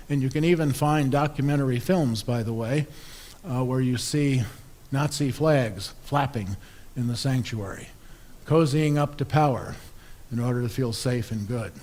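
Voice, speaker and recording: A man's voice: mid-range voice, darkish tone. A man, an Episcopal priest, preaching a sermon in a conversational, wry storytelling way.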